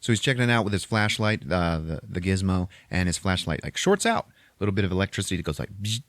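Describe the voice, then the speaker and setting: A man in his forties hosting a podcast, retelling a film in a loose, swearing, rambling way. His voice sits low. The sound is dry and close. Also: big pitch swings, fast, fairly bright tone, dry recording. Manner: profane and rambling, lots of filler. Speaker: podcast host. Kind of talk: casual movie recap chat.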